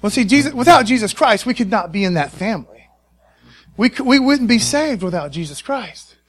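High-voiced man preaching with excitement. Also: fairly quick. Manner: excited, conversational preaching with frequent call-and-response. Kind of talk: sermon.

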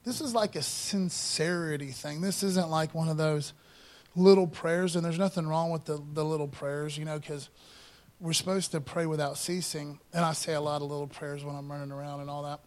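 A man preaching a sermon in a casual, conversational way, often adding "man" and "you know" and slowing down to read scripture with emphasis. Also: a little high, steady tone, a little mellow. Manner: reads scripture slowly and emphatically. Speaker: pastor.

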